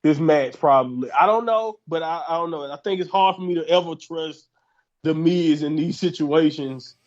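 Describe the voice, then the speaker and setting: High-voiced man rambling about wrestling. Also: normal speed, darkish tone, lo-fi sound. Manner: rambling, hedging, restarts often. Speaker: podcast co-host. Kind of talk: casual wrestling chat.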